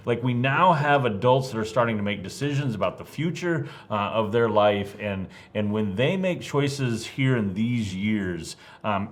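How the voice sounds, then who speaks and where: Earnest, low-voiced ministry co-host man. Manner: earnest, reflective, many fillers. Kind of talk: casual podcast discussion.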